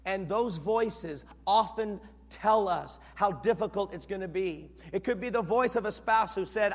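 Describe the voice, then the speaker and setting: Pastor guy preaching, really high pitched, dramatic, lots of hall echo. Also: measured pace, hardly any pauses. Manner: animated, dramatic, acts out scenes with shifting voices. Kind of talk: sermon. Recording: long reverb of a church hall.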